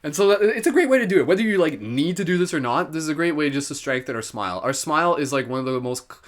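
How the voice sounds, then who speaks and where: Man, live meditation host, cheerful, laughing, chatty and rambling, slightly higher voice. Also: expressive, fast talker. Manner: upbeat, giggly, filler-heavy with lots of "like". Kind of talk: live-streamed guided meditation.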